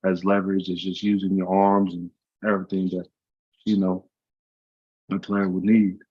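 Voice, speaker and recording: Low-voiced man on a lo-fi call. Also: flat delivery, normal speed, breathy edge. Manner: earnest, heartfelt, with many "you know" fillers. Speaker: guest, former college football player and youth trainer. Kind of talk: casual interview.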